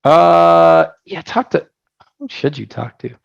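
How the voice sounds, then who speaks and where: Gravelly, upbeat man on a webinar. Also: on the high side, takes it slowly, no echo, highs cut off. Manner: energetic, joking, storytelling with many asides. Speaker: software founder presenting on a webinar. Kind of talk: casual live product presentation.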